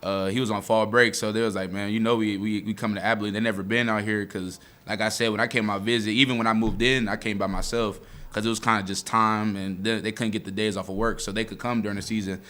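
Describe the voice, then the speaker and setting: Young male athlete, twenties, deep steady voice, casual speech, holding back tears. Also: fast. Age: 20s. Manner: choked up, near tears, heartfelt; casual speech, says "man" often. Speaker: college football player. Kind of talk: emotional postgame interview.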